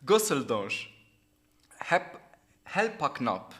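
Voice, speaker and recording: Luxembourgish man reading village names slowly. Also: medium pitch, very animated, fairly bright tone. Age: adult, a teacher. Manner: reads names deliberately, laughs often. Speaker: quiz leader reading place names. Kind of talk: casual comedy game chat.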